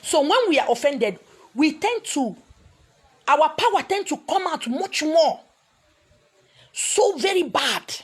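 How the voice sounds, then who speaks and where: A woman with a Nigerian accent telling a story in an animated way, slipping into Igbo and pidgin. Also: high voice, a little slow. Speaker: spiritual teacher. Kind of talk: storytelling talk.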